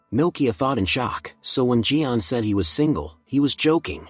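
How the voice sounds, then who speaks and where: A man with a husky voice reading a scripted story recap in a steady, even delivery. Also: mid-range voice, moderate pace, no room sound, faint music behind. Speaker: recap narrator.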